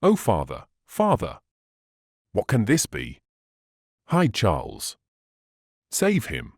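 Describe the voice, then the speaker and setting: A man reading the part of a gentle, anxious young wife with a faltering voice. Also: medium pitch, big pitch swings, moderate pace, no room sound, clean studio sound. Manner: faltering, fearful.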